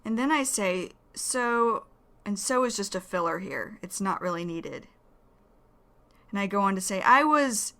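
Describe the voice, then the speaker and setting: A woman from the northern United States with a Northern US accent, teaching English vocabulary slowly and clearly and repeating key words. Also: mid-range voice, sharp tone. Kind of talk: slow explanatory language lesson.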